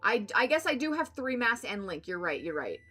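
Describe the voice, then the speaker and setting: A woman's voice: a little high, sing-song, fairly quick, music in the background. A woman chatting casually to herself while playing a game. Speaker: game streamer. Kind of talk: casual gaming commentary.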